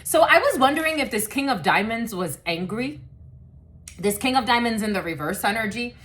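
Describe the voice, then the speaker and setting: A woman talks through a collective tarot reading in a loose, chatty way, her pitch rising and falling a lot. She curses casually and fills her pauses with "uh" and "okay.". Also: animated, fairly bright tone. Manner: chatty, swears casually, many fillers. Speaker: tarot reader.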